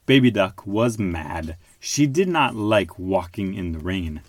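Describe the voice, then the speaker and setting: Lively dad reading a bedtime story. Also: male voice, low voice, slow pace, hardly any pauses, dry recording. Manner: animated, playful. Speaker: father and podcast host. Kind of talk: reading a picture book aloud to his child.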